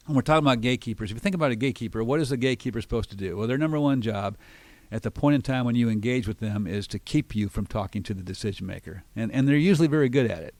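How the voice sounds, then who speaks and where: A man's voice: medium pitch, fast, dry recording. A man hosting a radio talk segment, explaining sales tactics and acting out sample phone lines. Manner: lively explanatory, acts out example phone lines. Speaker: sales trainer, radio show host.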